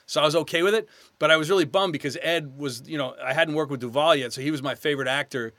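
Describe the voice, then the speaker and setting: A man's voice: fairly high pitch, fast, a bit bright, no room sound. A man from New York, guest actor on a casual podcast interview, telling chatty, self-deprecating stories.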